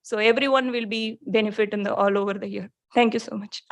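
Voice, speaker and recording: A woman's voice: mid-range voice, fairly even intonation, fast talker. A woman, a parent, making an earnest public comment at a school board meeting, asking the district for support.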